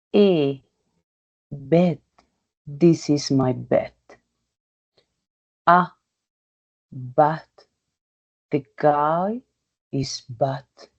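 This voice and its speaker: Woman, low-pitched and very slow, halting pronunciation drill, muffled lo-fi audio. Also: a little mellow. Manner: halting, repeats words and sounds one by one. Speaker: English learner presenting a pronunciation task. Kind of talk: slow, careful pronunciation practice with example sentences.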